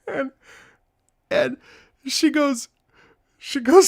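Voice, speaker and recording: A young streamer reacting to game music tells stories to his chat, animated and laughing often as he acts out the voices of people he quotes. His voice is extremely high and creaky, with drawn-out words and long pauses. The studio-quality recording has no echo.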